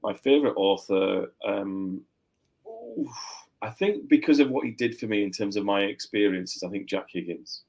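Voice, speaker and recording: A man from Yorkshire with a fairly low voice talks casually as a guest on a podcast. He rambles a little and laughs easily. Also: lively intonation, normal speed, gravelly, darkish tone, low-quality recording. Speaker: guest author.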